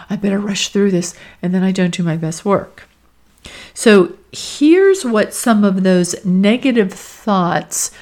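A woman podcast host giving calm, measured coaching advice, acting out inner thoughts in short quoted lines. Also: medium pitch. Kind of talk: reflective coaching talk.

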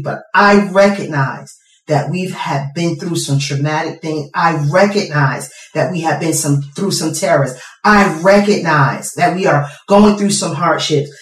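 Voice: medium pitch, unhurried. A preacher delivering a sermon with emphatic repeated phrases, recorded from a distance in a hall. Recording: roomy echo, distant mic.

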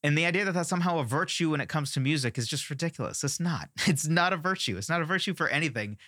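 A man teaching songwriting in a casual, opinionated and animated way, prone to rants. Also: on the high side, fast, no echo, clean studio sound.

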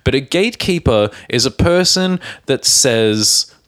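A man from Australia co-hosting a casual podcast chat, talking in an animated way, swearing freely and laughing often. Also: medium pitch, a little slow. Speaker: podcast co-host.

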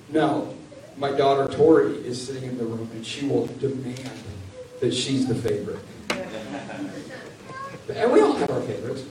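A male pastor preaching a sermon, animated and laughing as he acts out quotes in a raised voice. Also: medium pitch. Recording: echoey room from far off mic, faint ambient noise.

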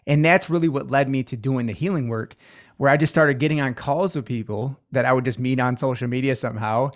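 A man's voice: mid-range voice, a little fast. A man in his twenties, a guest on a podcast, telling his life story in an earnest, reflective way. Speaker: podcast guest, healing coach. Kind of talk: personal story in an interview.

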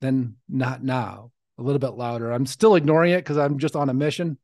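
A man's voice: fairly high pitch, quick pace, a little mellow, no room sound, clean studio sound. A man in his forties, hosting a podcast, telling his life story in an earnest, reflective way. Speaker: podcast host. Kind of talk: personal storytelling monologue.

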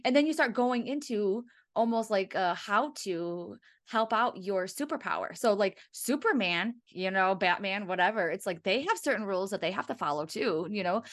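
A woman hosting a podcast in casual chat, chatty and quick to laugh, with animated asides. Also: mid-range voice. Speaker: podcast host.

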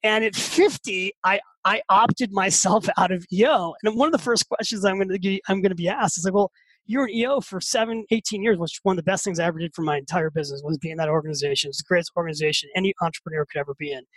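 A man in his fifties, a podcast guest and author telling a story in a lively, animated way and often repeating words as he gets excited. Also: high voice, fast talker, no echo, low-quality recording. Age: 50s. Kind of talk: casual storytelling.

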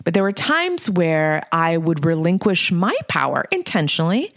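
Middle-aged woman host, lowish voice, frank casual monologue, dry close mic. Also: big pitch swings, normal speed, no echo. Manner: blunt, candid, mildly profane. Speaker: podcast host and leadership coach.

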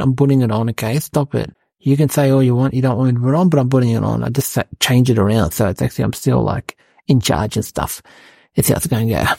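Guy putting on a cheeky bragging kid, gravelly and kinda husky, dark voice, rambles with lots of likes. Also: medium pitch, no echo. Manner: rambling, bossy, full of likes and restarts. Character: cheeky boastful young boy, self-declared champion. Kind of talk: comic character monologue.

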